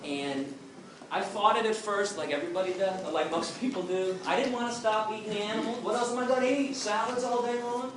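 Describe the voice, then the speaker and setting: A man's voice: high voice, fairly quick. A middle-aged man giving an impassioned, emphatic talk to a crowd, telling his story. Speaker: activist speaker. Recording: distant echoey room with noise.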